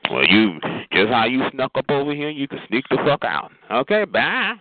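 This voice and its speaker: A man's voice: medium pitch, wildly swooping pitch, normal speed, no room sound. A man ranting on the phone in a sassy, mocking way, calling people honey and child. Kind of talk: profane phone rant. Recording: tinny phone line with faint noise.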